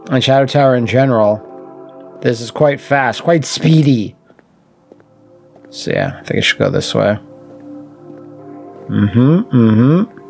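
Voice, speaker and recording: Talking back to the enemies and swearing as he plays, a gaming channel host offers wry, jokey let's-play commentary in a casual style. He has a mid-range, creaky voice that's a little mellow.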